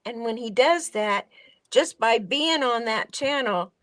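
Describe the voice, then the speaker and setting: A woman's voice: a little high, expressive, a little slow, a bit bright. A woman in a casual live stream chat, earnestly explaining her view and often restarting her sentences.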